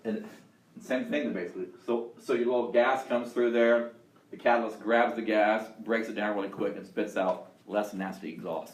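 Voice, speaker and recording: This recording, made in an echoey classroom with a little noise, has a man with a fairly low voice lecturing on chemistry at a moderate pace. He's upbeat, tests his students with questions, and restarts often.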